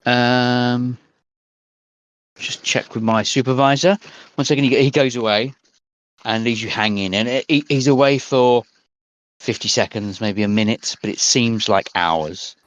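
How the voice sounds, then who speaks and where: A man's voice: medium pitch, a little slow, no echo, low-quality recording. Rambling male game master. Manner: rambling, many ums. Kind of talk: narrating a tabletop game. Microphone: computer mic on a voice call.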